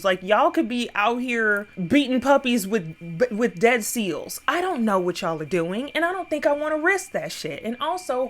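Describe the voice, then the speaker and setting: A young woman casually recapping a horror film, profane and animated, acting out quotes and dropping into sudden whispers. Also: on the high side, a little hiss or hum.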